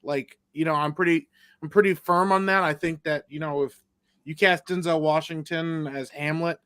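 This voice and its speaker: Guy with a pretty high voice ranting on a stream, dry close mic, blunt and sweary. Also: fairly even intonation, moderate pace, bright, forceful tone, clear, resonant tone, no room sound. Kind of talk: casual livestream chat.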